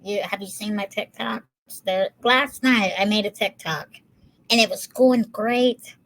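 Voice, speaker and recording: Female podcast co-host, average pitch, easygoing and self-mocking. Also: a little slow, fairly bright tone, rough recording. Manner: self-deprecating, laughs easily. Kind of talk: casual chat.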